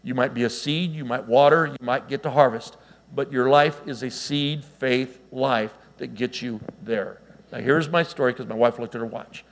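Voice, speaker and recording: A middle-aged man delivers a sermon in an animated, storytelling manner. He breaks off into chatty asides to the congregation. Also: mid-range voice, normal speed. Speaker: pastor.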